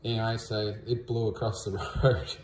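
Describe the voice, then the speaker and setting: A man's voice: lowish voice, fairly even intonation, normal speed, a little mellow, echoey room, slight background noise. A man with an Australian accent casually recounting a story to the camera, laid-back and drawling, with frequent ums. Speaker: vlogger.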